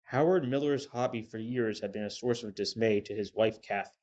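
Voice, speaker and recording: A man reading a story aloud in a steady, measured narration. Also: lowish voice. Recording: dull lo-fi with faint hiss.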